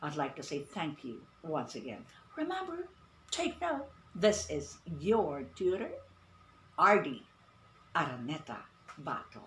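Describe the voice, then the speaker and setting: A woman's voice: deep voice, very animated, a little slow, fairly bright tone. A woman teaching an English lesson in an online radio-style class, emphatic and repeating "no, no" to correct habits. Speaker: English tutor. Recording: echoey room with faint ambient noise.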